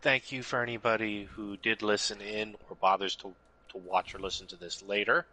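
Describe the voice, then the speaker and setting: A man's voice: on the low side, little pitch movement, moderate pace, bright, forceful tone, poor audio. A man co-hosting a casual gaming podcast, rambling with frequent fillers and poking fun at himself. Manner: rambling, self-deprecating, laughs easily. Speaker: podcast co-host.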